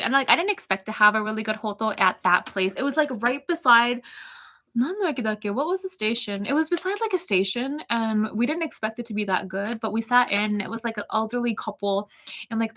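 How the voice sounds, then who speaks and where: A woman's voice: a little high, pushed and bright. Chatty young woman with a Toronto accent. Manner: chatty, rambling, filler-heavy, giggly. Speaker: livestreamer reading chat. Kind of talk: casual live-stream chat.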